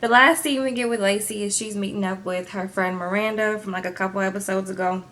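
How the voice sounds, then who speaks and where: A woman's voice: medium pitch, a little fast, a little hiss or hum. A woman recapping a reality show in a gossipy, chatty vlog, often asking "okay?". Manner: gossipy, animated, addresses viewers with "okay?". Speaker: YouTube reality TV reviewer.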